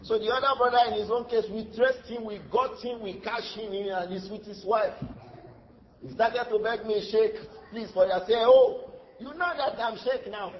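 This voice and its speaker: A man with a Nigerian accent giving a lively sermon as an Islamic lecturer, acting out dialogue in his stories and laughing often. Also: sits high, moderate pace. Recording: dull lo-fi lecture recording.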